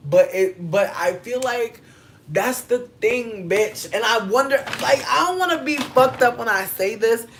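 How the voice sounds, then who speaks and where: A woman in her thirties chatting casually on a livestream and answering chat, playful and profane, with drawn-out emphasis. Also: fairly high pitch, lively intonation, noisy background. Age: 30s.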